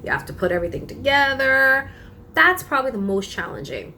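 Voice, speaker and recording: Animated young woman telling a story. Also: sits high, brisk, a little hiss or hum. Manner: animated, laughing, dramatic emphasis. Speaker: vlogger. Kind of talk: casual storytelling vlog.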